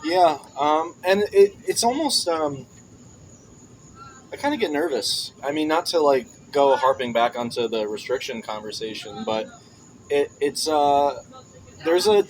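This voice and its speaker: A man's voice: on the high side, lively intonation, measured pace, a little hiss or hum, rough recording. A young man, a podcast guest, chatting casually and telling jokey stories with frequent laughs. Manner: joking storyteller, laughs often. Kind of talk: casual chat.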